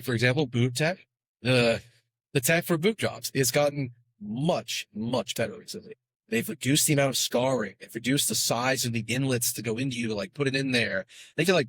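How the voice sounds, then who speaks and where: A man explaining as a podcast guest in a rapid, chatty way, full of fillers. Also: medium pitch, fairly bright tone, breathy edge, no room sound. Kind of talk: fast casual explanation.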